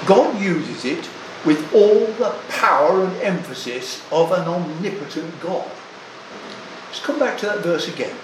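An older man preaching a sermon, deliberate and emphatic, leaning hard on single words. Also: fairly high pitch, lively intonation, roomy sound, a little hiss or hum, low-quality recording.

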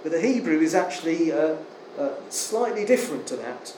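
A man's voice: fairly high pitch, big pitch swings. Earnest preacher man in an echoey hall. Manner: earnest, emphatic, with slow stressed words and fillers. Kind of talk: sermon. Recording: echoey room, faint air conditioning hum.

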